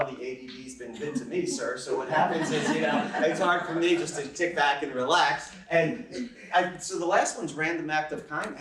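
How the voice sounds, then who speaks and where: Man, fast punchy seminar presenter, echoey room, distant mic. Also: on the high side, fairly bright tone. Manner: fast, punchy, asks the crowd questions. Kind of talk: energetic seminar talk to a live audience. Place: meeting room with an audience.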